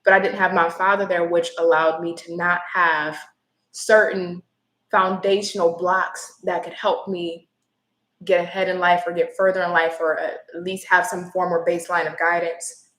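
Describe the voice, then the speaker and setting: A woman's voice: lowish voice, level tone, normal speed, a bit bright, roomy sound, rough recording. A woman giving a live-stream tarot reading, earnest and emotional, with apologetic asides. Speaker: tarot reader.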